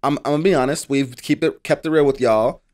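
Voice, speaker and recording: A man's voice: medium pitch, fast talker, darkish tone. A man co-hosting a sports podcast in casual chat, making wry, dry remarks. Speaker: podcast co-host.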